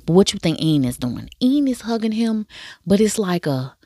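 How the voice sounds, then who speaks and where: A woman talks through a drama she watched in a lively, slangy, storytelling way, full of asides to her listeners. Her pitch sits in a middle range, and the sound is dry and close with no room in it. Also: normal speed, no room sound. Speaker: drama review podcaster. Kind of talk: casual chat reviewing a drama.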